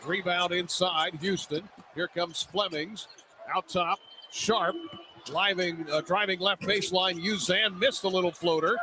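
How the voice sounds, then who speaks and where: A man announcing a basketball game play-by-play, quick and rising to excitement on big plays. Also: high voice, background noise. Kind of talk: radio-style basketball play-by-play. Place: arena broadcast position.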